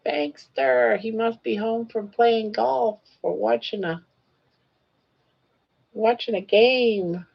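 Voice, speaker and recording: Slow, gravelly older woman on a livestream. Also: fairly high pitch, highs cut off. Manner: talks sweetly to her pets between chatting with viewers. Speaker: livestream host. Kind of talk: casual chat while crocheting on a livestream. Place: home.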